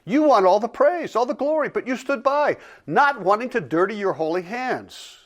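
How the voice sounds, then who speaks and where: Bitter, mocking accuser, read by a man, lively and high-pitched, sarcastic. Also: moderate pace. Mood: accusing. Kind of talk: dramatic reading of a dialogue.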